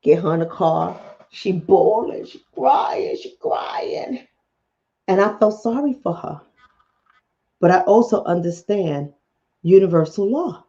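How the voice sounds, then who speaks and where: A woman's voice: on the low side, measured pace, warm tone, muffled recording. A woman vlogger, talking emphatically and preachily straight to her viewers in a casual commentary monologue.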